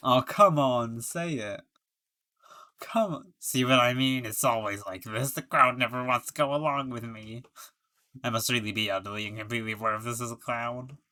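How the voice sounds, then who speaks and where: A man's voice: medium pitch, normal speed, bright, forceful tone, close to an everyday voice. A man voicing a sad clown in a game. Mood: indignant. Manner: self-pitying, laughs at own jokes. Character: washed-up sad male clown witness.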